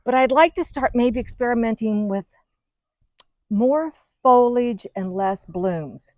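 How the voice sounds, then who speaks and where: A middle-aged woman hosting a gardening vlog, chatting excitedly as she walks through her outdoor garden. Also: fairly high pitch, slow, no room sound. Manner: chatty, excitable, gushing over plants. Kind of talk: casual garden walk-through.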